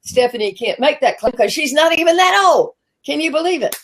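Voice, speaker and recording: Host: Southern American woman in her sixties, chatty and self-deprecating, fairly high voice. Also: expressive, a little fast, rough recording. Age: 60s. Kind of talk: live-stream talk show chat.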